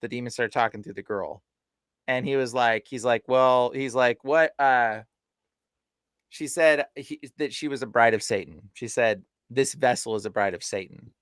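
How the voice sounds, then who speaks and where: A podcast guest who is a deliverance minister tells stories casually and animatedly in a medium-pitched voice at normal speed. He acts out the people he quotes, giving them voices and laughing, and the recording is dry and studio quality.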